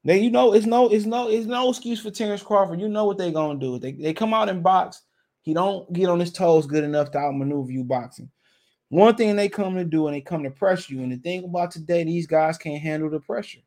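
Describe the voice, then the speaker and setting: A man's voice: high-pitched, fairly quick, a little mellow. A young man giving his blunt, emphatic opinions on boxing in a casual rant, full of slang and repeated phrases. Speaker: boxing commentator.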